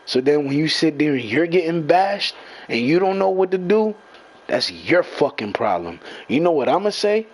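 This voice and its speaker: A man's voice: a little high, sing-song, normal speed, poor audio. A young man in an angry, profane rant, repeating himself and confronting the people talking about him. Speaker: gamer venting to followers.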